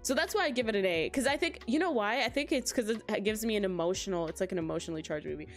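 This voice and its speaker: A woman's voice: mid-range voice, expressive, fast talker, faint music behind. A woman streamer chatting casually to her live chat, laughing often and talking straight to her viewers. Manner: giggly, talks straight to chat.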